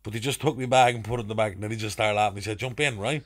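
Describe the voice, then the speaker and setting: A man's voice: lowish voice, rapid-fire. A young Irish man with a Dublin accent telling a drunken anecdote as a podcast guest, with crude slang and acted-out voices. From Ireland. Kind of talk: casual storytelling.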